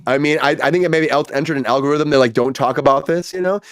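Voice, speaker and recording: A man's voice: a little high, quick pace, smooth, no room sound, clean studio sound. A man hosting a casual online panel chat, chatty and easygoing, handing questions to his guests. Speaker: host. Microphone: video call.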